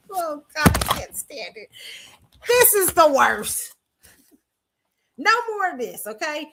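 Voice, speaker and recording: A sassy woman rants through casual pop culture commentary, laughing often. Her voice sits a touch high. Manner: laughing, sassy, animated ranting with mocking put-on voices. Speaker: host.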